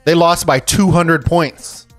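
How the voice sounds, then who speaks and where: A man casting a strategy game tournament on a live stream, excitable and chatty, swearing freely as he reads viewer messages. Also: fairly high pitch, takes it slowly, no room sound, soft background music. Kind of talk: casual live-stream commentary and chat reading.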